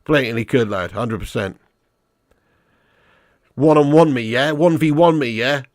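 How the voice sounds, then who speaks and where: Sweary excitable football watch-along host. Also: male voice, mid-range voice, measured pace, dry recording, studio quality. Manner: excitable, swears freely, reads out fan messages; matey, calls listeners lad and mate. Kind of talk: live match watch-along commentary.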